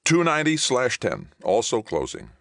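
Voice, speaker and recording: A man voicing a male starship navigator giving quick, clipped reports. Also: medium pitch, huge pitch swings, gravelly, fairly bright tone, no room sound, studio quality, pitched above the performer's own voice, heavily acted. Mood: alert.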